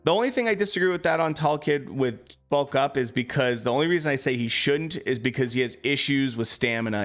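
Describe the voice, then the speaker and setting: A man's voice: mid-range voice, a bit bright. A man streaming live, chatting casually about boxing and answering his viewers, with lots of fillers.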